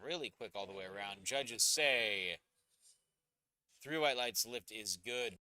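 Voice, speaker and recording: A man's voice: lowish voice, expressive, a little slow, bright, forceful tone. A man announcing a powerlifting meet live, calling lifts and judges' decisions with upbeat, joking asides.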